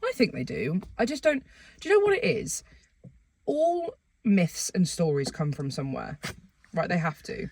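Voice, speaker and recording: A woman's voice: on the low side, very animated, normal speed, darkish tone, dry recording. A young woman co-hosting a comedy podcast, giggling and rambling through jokey casual chat. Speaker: podcast co-host.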